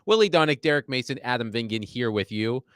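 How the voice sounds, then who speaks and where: Man, sports radio host, brisk and steering, studio mic, dry sound. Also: mid-range voice, animated, a bit bright, clean tone, no room sound. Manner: brisk, leads the discussion and hands off to co-hosts. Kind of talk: radio talk show hosting. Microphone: studio microphone with headphones.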